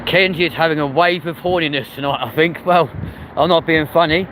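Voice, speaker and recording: A man's voice: a little high, fairly even intonation, a little fast. A man with a London accent chatting in a rambling, cheeky way as he hosts a live stream while walking outdoors on a city street. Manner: chatty, rambling and cheeky, answers viewer comments. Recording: wind and street noise on the mic. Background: traffic and wind.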